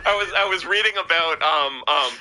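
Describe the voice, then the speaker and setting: A man's voice: lowish voice, lively intonation, normal speed, sharp tone, slight background noise, low-quality recording. A man talking as a podcast guest in casual conversation, rambling with many fillers and restarts.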